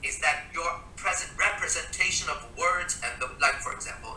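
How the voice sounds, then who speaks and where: A man's voice: a little high, moderate pace, hardly any pauses, sharp tone, slight background noise. A man talking in a casual interview as a mentor, blunt and emphatic, with frequent swearing. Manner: blunt, emphatic, profane coaching. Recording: echoey room, voice from a distance.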